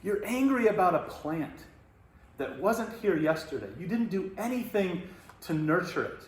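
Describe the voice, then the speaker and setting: A man doing a patient, calmly questioning God. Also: on the high side. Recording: roomy echo, faint noise.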